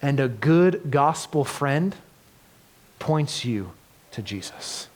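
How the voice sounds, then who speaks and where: A man preaching a sermon as pastor, earnest, moving between loud emphatic passages and soft hushed ones. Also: medium pitch, lively intonation, slow. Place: church.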